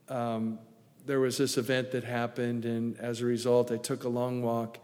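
A middle-aged male pastor preaches in an easy, folksy way, drifting into asides. His voice sits at an ordinary middle pitch. A long reverb from the church hall trails each phrase. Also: darkish tone. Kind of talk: sermon.

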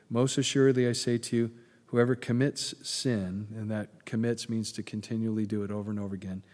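A man pastor preaching a sermon, animated and emphatic, then dropping into soft prayer. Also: lowish voice. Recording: long hall reverb.

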